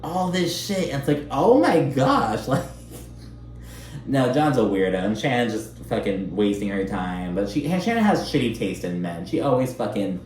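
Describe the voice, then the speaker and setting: Young male recap host, casual and foul-mouthed, shady and animated, mid-pitched voice, echoey home room. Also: moderate pace, soft background music. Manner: profane, catty, animated with mocking quoted voices. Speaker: recap commentator.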